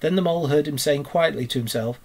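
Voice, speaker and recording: A man reading a children's book aloud for a school in a steady, measured narration. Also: a little high, slightly rough. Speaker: school storyteller.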